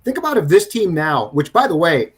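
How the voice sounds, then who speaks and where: A man's voice: on the high side, very animated, a little fast. A man co-hosting a casual sports podcast, talking with emphatic, storytelling energy. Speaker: podcast co-host.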